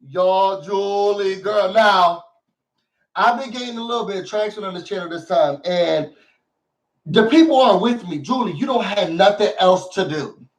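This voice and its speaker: A man's voice: high-pitched, moderate pace, recorded from a distance, poor audio. A man hosting a casual recap vlog, talking to his viewers in a sassy, theatrical way. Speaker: show recap host.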